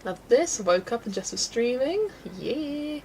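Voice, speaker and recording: A woman's voice: a little high, animated, measured pace, warm tone, a little hiss or hum, poor audio. A woman from England's West Country, chatting casually and laughing often as she reads out viewer comments while colouring on a livestream. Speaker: livestream host.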